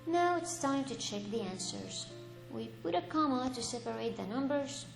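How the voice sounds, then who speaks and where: A woman teaching an English grammar lesson, reading example sentences aloud slowly and patiently, and correcting her own slips. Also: high-pitched, lively intonation, vocal fry. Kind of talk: slow, deliberate lesson for young learners. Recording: echoey room with faint music.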